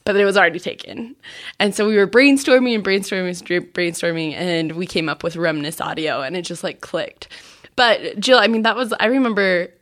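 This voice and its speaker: A woman who hosts a podcast and works as an audio biographer chats casually with friends about her work in a conversational interview, often saying "like" and laughing at herself. Her voice is fairly low and a bit bright, and she talks fairly quickly.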